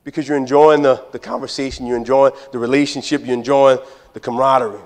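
A man's voice: mid-range voice, little pitch movement, quick pace. Joking preacher man. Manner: conversational, joking, talks straight to the congregation. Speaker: pastor. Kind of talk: sermon.

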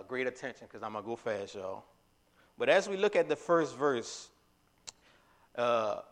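A man preaching a sermon in a casual, conversational way, full of fillers and restarts, breaking into loud emphatic lines. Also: medium pitch.

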